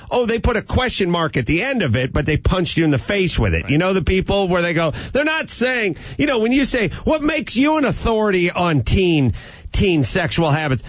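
A man hosting a comedic talk show, telling stories in a loud, ranting way. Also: high-pitched, dry recording, highs cut off. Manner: animated, ranting storyteller. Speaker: podcast host. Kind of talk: casual comedic rant.

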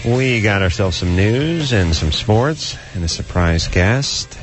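A man's voice: on the low side, animated. Middle-aged guy hosting a radio show, jokey, voice bounces all over, light music underneath. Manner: wisecracking, quick to slip into silly voices. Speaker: radio talk show host. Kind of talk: comedic radio chat.

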